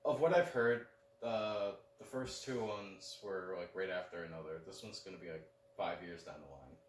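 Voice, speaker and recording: A man's voice: low-pitched, normal speed, slight background noise. A young man co-hosting a podcast, talking loosely with lots of "like" and confidently calling his predictions. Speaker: podcast co-host. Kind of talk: casual chat. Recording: roomy echo, mic at a distance, faint background.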